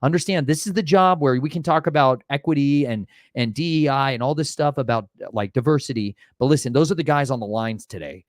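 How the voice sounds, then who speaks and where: A man with a Southern American accent recounts events in loose, casual talk, slipping into voices for the people he met. He turns preachy at times, sounding fervent about faith. The sound is dry and close, with his voice sitting at a plain middle pitch. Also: a little fast, hardly any pauses, dry recording. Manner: animated, acts out his own and others' voices in retold dialogue; preachy, mixes religious exhortation into talk. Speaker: vlogger sharing storm preparedness experiences. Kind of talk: casual storytelling chat.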